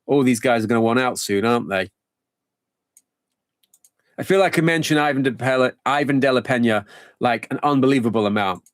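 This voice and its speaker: A man's voice: medium pitch, a little fast, pauses often, no echo, studio quality. A man streaming a football management game live, thinking aloud in a rambling, casual way.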